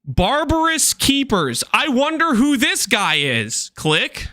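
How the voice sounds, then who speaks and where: A man streaming a game, chatting with viewers in an animated, teasing way with quick asides. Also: extremely high pitch. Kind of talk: livestream chat with viewers.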